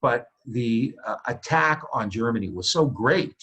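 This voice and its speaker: A man's voice: medium pitch, expressive, unhurried, slightly rough, rough recording. A male history professor giving a university lecture in a conversational way, checking in with the class with rhetorical questions and frequent "right?", with fillers and restarts. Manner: restarts and "uh" fillers, loud bursts on key points.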